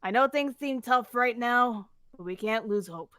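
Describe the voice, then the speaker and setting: A woman reading the lines of a female bird lieutenant in a fanfiction reading, gentle and reassuring. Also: on the high side, unhurried, no echo.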